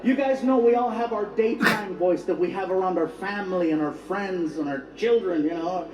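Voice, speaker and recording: A man doing stand-up comedy, telling stories in an animated way with sudden loud bursts. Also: high-pitched, moderate pace, roomy sound, noisy background. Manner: animated storytelling with bursts of shouting.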